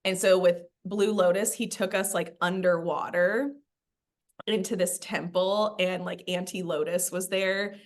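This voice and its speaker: A woman's voice: lowish voice, fairly even intonation, unhurried. A woman in casual podcast chat, telling a spiritual story with a rambling manner and lots of "like" fillers.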